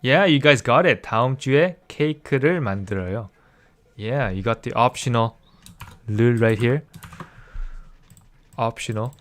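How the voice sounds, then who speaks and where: A man's voice: medium pitch, quick pace, long pauses, a bit bright. A young man from Canada, teaching Korean in a casual, chatty livestream and laughing often. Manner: chatty, laughs often, reads chat aloud.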